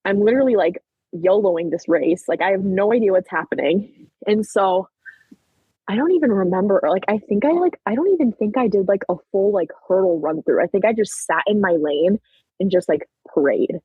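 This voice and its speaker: A husky-voiced young woman in her late teens, telling a story as a podcast guest, talking quickly and filling every pause with "like". The sound is close and dry, with almost no room around her voice. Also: mid-range voice, no room sound, narrow, tinny audio. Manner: chatty, peppered with "like", animated retelling. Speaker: podcast guest, track athlete. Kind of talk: casual storytelling interview.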